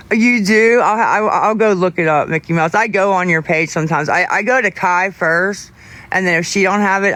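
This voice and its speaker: A young man livestreaming, chatting casually with viewers in a rambling, halting way with many restarts. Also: on the high side, pushed and bright.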